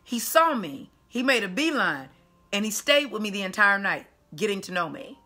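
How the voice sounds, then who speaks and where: A woman's voice: mid-range voice, sing-song, normal speed, pushed and bright, faint music behind. A woman dating coach giving casual video commentary in an emphatic, chatty way with punchy asides.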